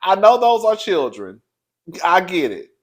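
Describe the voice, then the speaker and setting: A man's voice: high voice, big pitch swings, a little slow. A man giving sassy, chatty celebrity gossip commentary, laughing often and calling the listener "girl".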